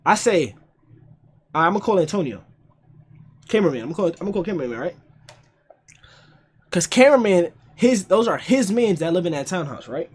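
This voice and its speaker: A young man with a husky, high voice tells a story on a livestream. His pitch swings all over as he talks. He is profane and keeps repeating lines to drive a point home. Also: lively intonation, brisk, pauses often. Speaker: streamer.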